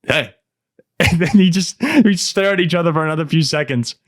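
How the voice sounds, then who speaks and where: A man in his twenties co-hosting a casual sports podcast, telling stories in an animated way and laughing often. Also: fairly high pitch, fairly quick, no room sound, studio quality. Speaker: podcast co-host.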